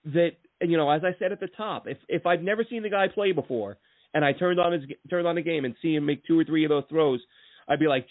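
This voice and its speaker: A man's voice: a little high, fast, no echo. A man hosting a casual sports podcast, telling long rambling stories with lots of restarts and asides. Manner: rambling, animated storytelling with many restarts. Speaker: podcast host. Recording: tinny phone-line sound, dry.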